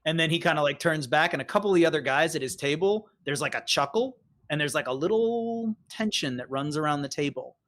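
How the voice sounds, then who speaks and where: A game master narrating a tabletop role-playing game in a chatty, lively way. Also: medium pitch, a little fast, hardly any pauses. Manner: lively, chatty storytelling with fillers.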